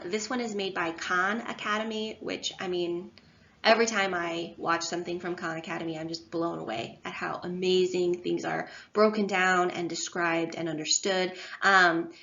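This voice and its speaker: A woman's voice: lowish voice, bright, forceful tone. A woman giving a recorded online lecture in a chatty, self-deprecating way, with many fillers and restarts. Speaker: instructor. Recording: slightly dull lo-fi audio.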